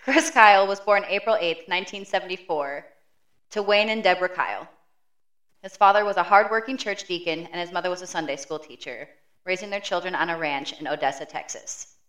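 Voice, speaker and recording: A woman co-hosts a true crime podcast and reads out a prepared summary of the case. Her voice sits a little low, and her storytelling stays steady and matter-of-fact. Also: brisk. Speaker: podcast co-host.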